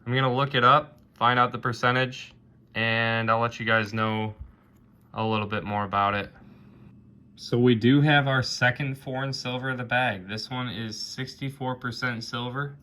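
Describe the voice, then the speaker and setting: A man narrating his own coin hunting video in a casual, excited way, often calling out to viewers as "guys". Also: medium pitch, normal speed. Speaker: coin roll hunting vlogger.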